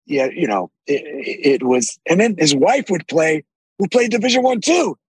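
A man with a deep, raspy voice, telling animated stories with frequent swearing as a podcast guest. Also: moderate pace, no room sound, rough recording. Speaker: actor guest. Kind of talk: casual podcast interview.

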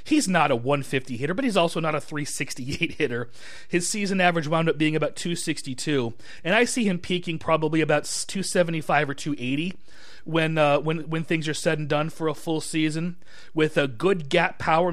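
A man appearing as a podcast guest, giving steady, analytical takes. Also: fairly high pitch, fairly quick. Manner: analytical, steady, stats-heavy. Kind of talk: casual podcast chat.

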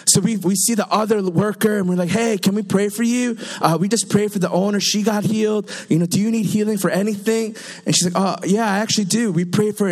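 A young man preaching a sermon, telling stories in a conversational, animated way with quick asides. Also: high voice.

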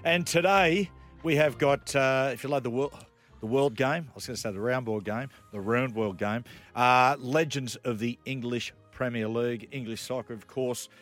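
A man's voice: medium pitch, normal speed, a bit bright, soft background music. A man hosting a radio show, telling stories with laughs and rambling asides. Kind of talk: casual banter and storytelling.

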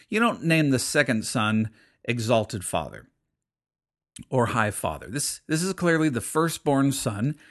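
A man's voice: medium pitch, a bit bright. Earnest man preaching a sermon. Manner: earnest, explanatory preaching with many fillers and restarts. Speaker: pastor.

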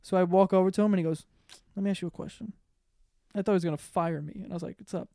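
A young man hosting a casual podcast with his siblings, telling crude, animated stories and laughing as he goes. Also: high voice, rapid-fire, creaky, no room sound, studio quality. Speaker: podcast host. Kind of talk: casual storytelling among siblings.

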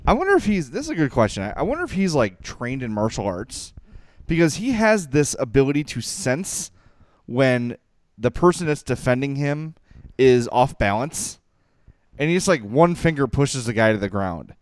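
A middle-aged man, co-hosting a casual sports podcast, gushing and excitable, also reading sponsor spots. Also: medium pitch, moderate pace, no echo, clean studio sound. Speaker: podcast co-host.

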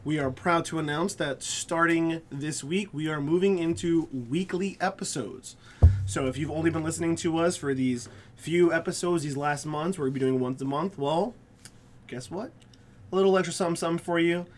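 A man hosts a podcast in a relaxed, chatty way and laughs easily with his co-hosts. His voice sits a little higher than most men's. He talks things through as he goes, with small restarts. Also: normal speed. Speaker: podcast host. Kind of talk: casual chat.

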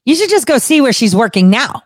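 A young woman giving a profane, sarcastic political rant in an animated, fast-shifting voice. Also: fairly high pitch, dry recording, studio quality. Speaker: political commentator. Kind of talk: ranting commentary.

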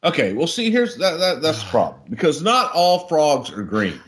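A man co-hosting a podcast in casual chat, playful and animated, happy to tell a long joke. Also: on the high side, normal speed. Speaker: podcast co-host.

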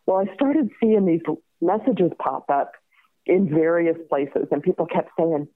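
A woman in her fifties, a guest telling her story in a lively way, laughing often and acting out the other voices. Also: lowish voice, unhurried. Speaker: guest, crime survivor. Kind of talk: personal storytelling in an interview. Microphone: phone call. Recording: tinny phone line.

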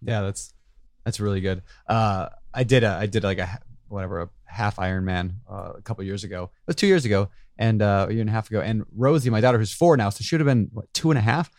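A man co-hosting a podcast who talks quickly and thinks out loud. The recording is close and dry, with no room sound. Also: on the low side, no echo. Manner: rapid, reflective, lots of fillers. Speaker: podcast co-host. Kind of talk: casual podcast conversation.

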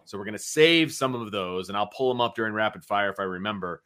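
A man in his thirties hosting a sports talk show with lots of energy. His voice is bright and crisp, and he chats and tells stories in an animated way. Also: fairly low pitch, fast. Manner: energetic, chatty, animated storyteller. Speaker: podcast host.

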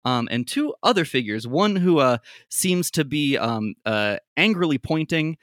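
Game master narrating, halting and lively. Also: mid-range voice, no echo, clean studio sound. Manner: halting, full of ums and laughs.

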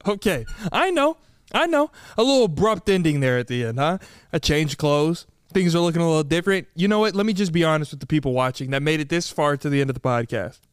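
Young man, high clear voice, dry close mic, animated storytelling podcast. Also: quick pace, no echo. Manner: animated storyteller, acting out other people's lines. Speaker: podcast host.

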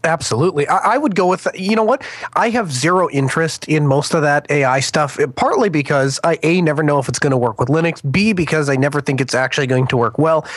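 Guy cohosting a tech show, kinda high voice, trips over his words, dry mic. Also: quick pace, no room sound. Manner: earnest, restarts and stumbles. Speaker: podcast co-host. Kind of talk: casual tech podcast chat.

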